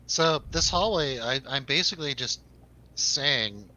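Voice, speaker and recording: A man's voice: mid-range voice, lively intonation, measured pace, crowd noise, poor audio. A man co-hosting a casual film review show, joking and laughing as he chats over drinks. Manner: laughs often, jokey asides to viewers.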